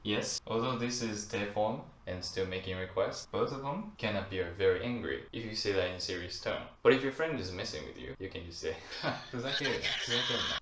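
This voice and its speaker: Japanese guy teaching casual phrases, lowish voice, echoey room w/ some hiss. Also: animated, brisk, hardly any pauses, fairly bright tone. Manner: explains with short spoken example phrases. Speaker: language teacher. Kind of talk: casual video lesson. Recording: echoey room with faint noise.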